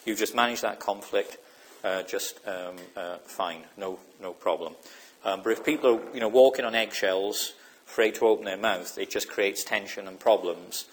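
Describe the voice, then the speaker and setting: A lower-pitched man delivering a lecture. He talks in a thoughtful, searching way, with pauses and fillers, and keeps checking in with questions to his audience. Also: fairly even intonation, a little hiss or hum. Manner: reflective, checks understanding with repeated questions; hesitant, many fillers and restarts. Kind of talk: recorded lecture.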